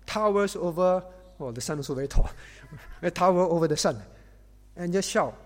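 Preaching to parents at a moderate pace, a pastor with a high voice keeps things lively, mimicking angry parents and teenagers and naming people in the audience. The sound carries the long echo of a hall.

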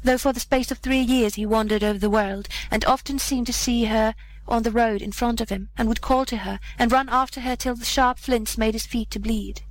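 A woman narrating an old fairy tale aloud in a measured, solemn manner. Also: on the high side, steady tone, poor audio. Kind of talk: storybook reading aloud.

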